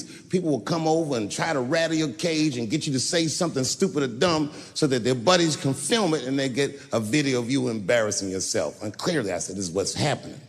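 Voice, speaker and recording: A man doing stand-up storytelling, animated and profane, swinging between loud bursts and hushed asides. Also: mid-range voice, poor audio. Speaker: stand-up comedian.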